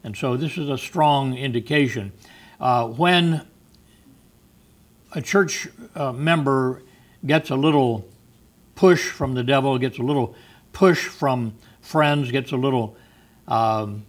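A man leading a Bible study, explaining the meaning of words step by step. He talks at an ordinary pitch, with frequent ums and restarts as he works through each thought. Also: slow, long pauses. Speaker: Bible teacher.

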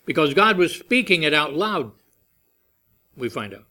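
A man's voice: a little high, sing-song, normal speed, pauses often, sharp tone. A man preaching a sermon, telling a family story and acting out the voices he quotes.

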